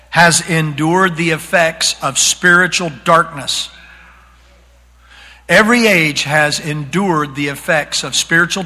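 Preacher with a bright, high voice. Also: male voice, in a large hall. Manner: dramatic, slows and rises to shouting. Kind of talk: sermon. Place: church sanctuary.

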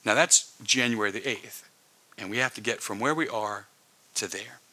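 A male pastor preaching earnestly in a conversational way, dropping into hushed whispers for emphasis. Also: on the low side, moderate pace, breathy edge. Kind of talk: sermon.

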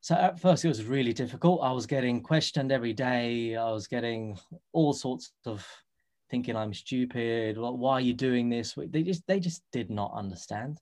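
A man's voice: mid-range voice, normal speed, darkish tone. A man in his thirties with a London accent, a podcast guest earnestly telling his story and acting out the dialogue he quotes. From England. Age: 30s. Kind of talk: casual podcast interview.

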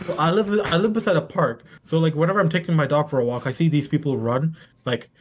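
A man with a somewhat high voice chats casually as a podcast co-host. He adds dry, deadpan quips and tells relaxed stories. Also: quick pace. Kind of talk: casual joking chat.

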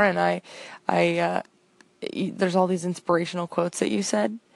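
A woman's voice: fairly low pitch, vocal fry, dry recording. A young woman hosting a show, rambling through a comic voicemail in a chatty, self-deprecating way. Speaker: podcast host.

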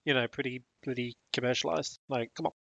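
A man's voice: medium pitch, fairly even intonation, fast talker, vocal fry, a bit bright, no room sound, muffled recording. Man, podcast co-host, rambling casual chat, laughs often, dry close recording.

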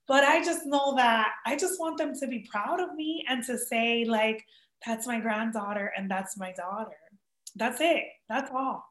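In an echoey room, an actress in her thirties from a Dominican family in the United States speaks earnestly as an interview guest, sprinkling in Spanish words. Her voice is high and a bit bright, and the conversation is emotional and personal.

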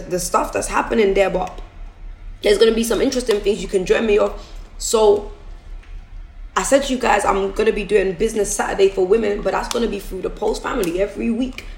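A woman's voice: mid-range voice, vocal fry. A businesswoman on a phone livestream, giving an emphatic, repetitive motivational talk. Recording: echoey room, faint music behind.

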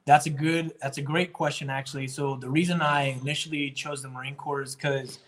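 A man's voice: a little high, fairly even intonation, a little fast, a bit bright. Earnest young man, Marine guest. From Jacksonville, North Carolina. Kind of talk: interview answers.

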